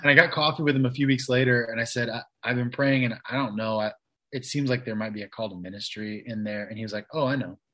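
Male guest, 30s, mid-pitched, loose chatty storyteller with frequent fillers and restarts. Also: fast talker, fairly bright tone, low-quality recording. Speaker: interview guest. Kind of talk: casual storytelling.

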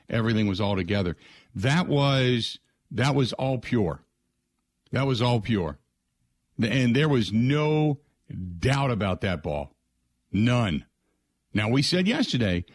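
A male sports radio host with a mid-range voice, recorded without echo, gives a talk-radio monologue about last night's game. He's conversational, uses frequent "uh" fillers, and rattles off game stats.

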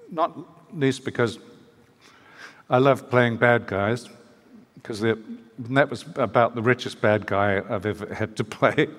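Older man, from new zealand, wry storyteller, hesitant with fillers, mid pitch, long hall reverb. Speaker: guest author. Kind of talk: storytelling at a live book talk. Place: live event venue.

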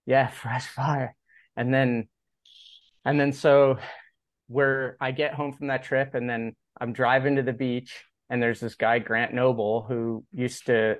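A man's voice: medium pitch, no echo. Chatty man telling a story, dry sound. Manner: rambling, heavy use of "like", acts out quoted dialogue. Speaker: podcast guest, pro skateboarder. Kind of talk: casual personal storytelling.

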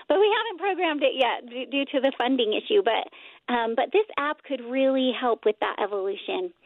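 A woman guest on an interview, talking in a rambling, self-correcting way, with a high, squeaky voice. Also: gravelly, dry recording. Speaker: guest, nonprofit co-founder. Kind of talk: casual interview talk. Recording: dry, phone-like line.

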